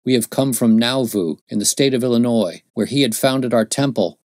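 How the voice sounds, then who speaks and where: A man's voice: medium pitch, normal speed, a little mellow, no room sound, clean studio sound, pitched above the performer's own voice, lightly acted. A man voicing a stern, zealous young male pilgrim in an audiobook, speaking in a fervent, solemn preaching tone. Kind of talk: audiobook character voice.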